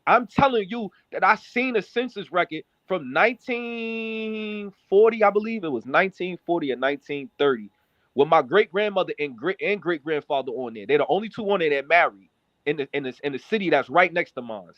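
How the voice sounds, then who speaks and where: A man in a live-stream debate, insistent and halting, restarting his sentences as he argues. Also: high voice, lively intonation, dry recording. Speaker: debate participant. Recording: dull lo-fi call audio.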